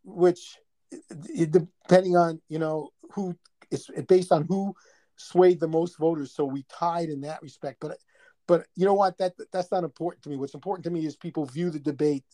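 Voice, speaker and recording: A man's voice: fairly high pitch, steady tone, moderate pace, warm tone. A man in his sixties from Brooklyn with a New York accent, a surgeon guest telling stories in a casual interview. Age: 60s.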